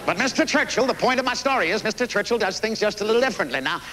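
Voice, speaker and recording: An actor playing a blunt, folksy older American president with a Missouri accent, performing live on stage. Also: male voice, high-pitched, animated, rapid-fire, background noise. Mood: folksy storytelling. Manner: folksy, salty, emphatic. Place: theater stage.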